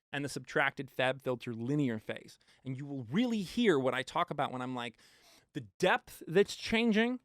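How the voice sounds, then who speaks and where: A male mixing engineer giving an animated studio tutorial, with playful asides to viewers. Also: on the high side, no echo.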